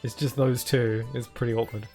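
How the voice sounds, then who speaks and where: A man's voice: mid-range voice, level tone, normal speed, dark tone, faint music behind. Chatty British man streaming a game. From United Kingdom. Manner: chatty, laughs often, reads chat and on-screen text aloud. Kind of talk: casual gameplay chat.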